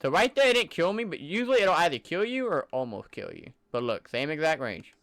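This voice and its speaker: A man's voice: fairly high pitch, very animated, brisk, fairly bright tone, no echo, clean studio sound. A man giving casual, enthusiastic commentary over gameplay footage in a loose, conversational way. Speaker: gaming channel creator.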